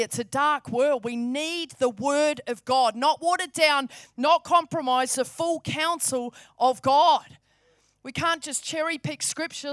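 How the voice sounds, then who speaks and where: High-voiced fervent woman preaching. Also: moderate pace, dry recording, clean studio sound. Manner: fervent, emphatic, repeats phrases. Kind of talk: sermon.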